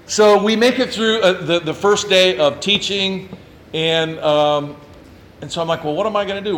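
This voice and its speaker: A man who is a pastor telling a story in a lively, humorous way and acting out his own quotes. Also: a little high, a little hiss or hum. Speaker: Presbyterian pastor. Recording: echoey room with faint ambience.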